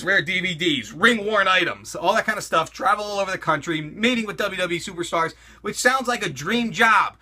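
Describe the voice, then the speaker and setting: Loud, lively, bright-voiced swearing man. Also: sits high, breathy edge. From United States. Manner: loud, crude and swearing, with laughs. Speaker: host answering viewer questions. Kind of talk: profane comedic Q&A monologue.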